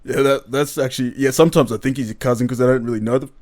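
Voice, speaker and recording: A young Australian man chatting casually on a podcast, full of hesitations and offhand swearing. His voice is an ordinary mid-pitch male voice. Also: fairly even intonation, very fast, darkish tone. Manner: loose, swearing, hesitant banter. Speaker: podcast co-host. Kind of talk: casual chat.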